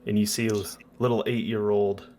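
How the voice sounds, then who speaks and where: A man running a tabletop game as game master, narrating in a relaxed, rambling way. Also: fairly low pitch, normal speed, a little hiss or hum.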